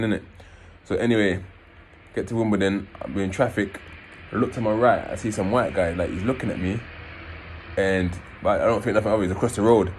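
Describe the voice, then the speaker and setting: Guy telling a story, lowish voice, swears a lot, acts stuff out, bit of background hiss. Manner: animated, swearing, acts out scenes in raised voices. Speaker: vlogger telling his own story. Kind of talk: casual storytelling.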